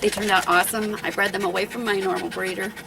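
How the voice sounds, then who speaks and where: A woman's voice: medium pitch, flat delivery, quick pace, gravelly, background noise. A middle-aged woman and dog breeder chatting casually on her home video, rambling and a bit out of breath. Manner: rambling, chatty, with many restarts and fillers.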